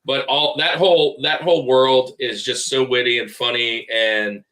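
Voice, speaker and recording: A man hosts a casual podcast, his voice bright and forward. He talks in quick, friendly bursts and greets listeners by name. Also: medium pitch, steady tone. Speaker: podcast host.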